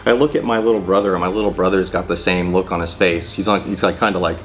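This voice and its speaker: A man in his thirties from California, telling a personal story on his vlog in an animated, profane way and laughing often. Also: deep voice, quick pace, soft background music. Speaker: channel host.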